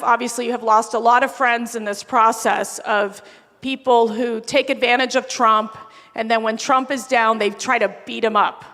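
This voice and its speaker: A woman telling lively anecdotes to a crowd at an event, emphatic and rousing. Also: high-pitched. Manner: animated, emphatic, builds to rousing calls. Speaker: speaker at a political event. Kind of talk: storytelling speech to a crowd. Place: event venue before a crowd. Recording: reverberant event hall.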